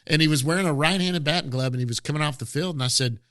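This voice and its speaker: A man's voice: a little high, racing, fairly bright tone. A middle-aged man co-hosting a podcast, telling easygoing stories in casual sports chat. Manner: chatty storyteller, easygoing. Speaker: podcast co-host.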